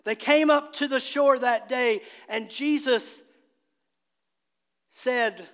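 A man's voice: very high voice, slow pace, pauses often, fairly bright tone, big-room sound. A man preaching a sermon as pastor in a church, earnest and repeating key phrases for emphasis. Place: church sanctuary.

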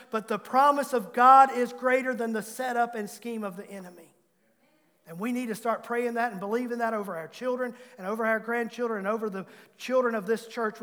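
High-pitched fervent preacher in a reverberant sanctuary. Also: male voice, fairly bright tone. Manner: fervent preaching, leads congregation in call-and-response. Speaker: pastor. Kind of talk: sermon. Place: large church sanctuary. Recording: long hall reverb of a sanctuary.

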